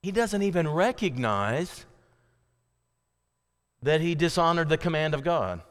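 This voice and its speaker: A man's voice: a little high, big pitch swings, a little slow, a bit bright, in a large hall. A man preaching a sermon earnestly, reading scripture aloud with emphasis. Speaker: pastor.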